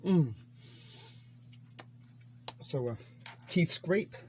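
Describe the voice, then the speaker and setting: A man's voice: on the high side, lively intonation, very slow, background noise. A man casually reviewing a ration pack on camera, talking in a hesitant, chatty way with many ums. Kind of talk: casual food review vlog.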